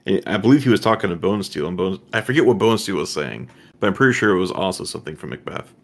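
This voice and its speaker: Deep-voiced man chatting casually. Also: expressive, quick pace. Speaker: podcast co-host. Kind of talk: casual chat.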